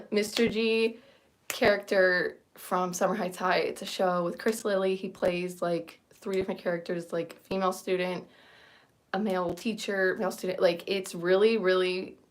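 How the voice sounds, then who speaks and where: A woman's voice: lowish voice, fairly even intonation, normal speed, fairly bright tone. A woman in her thirties hosting a casual livestream chat, rambling and self-deprecating and often laughing. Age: 30s. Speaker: livestream host.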